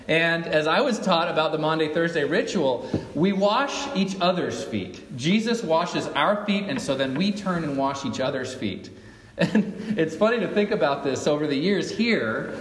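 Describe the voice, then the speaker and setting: A man's voice: a little high, fairly bright tone, slight background noise. Conversational male pastor in a roomy church. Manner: conversational, asks the congregation questions. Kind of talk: sermon. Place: church sanctuary. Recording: echoey hall, mic at a distance.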